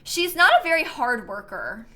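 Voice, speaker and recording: Young woman streamer, bright voice, kinda high, chatty and jokey, soft game music under. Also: very animated, normal speed. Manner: chatty, self-mocking, laughs often, reads donations aloud. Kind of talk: casual live-stream chat.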